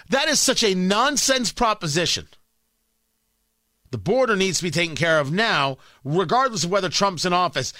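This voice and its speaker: A man's voice: high voice, bright, forceful tone, no echo, studio quality. A man hosting a talk radio show, delivering a combative, emphatic monologue and repeating lines for punch.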